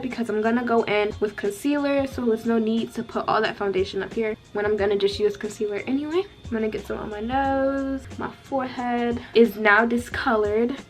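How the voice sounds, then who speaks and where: Chatty young woman vlogger. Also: on the high side. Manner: chatty, filler-heavy, addresses viewers directly. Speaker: beauty vlogger. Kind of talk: casual makeup tutorial talk-through.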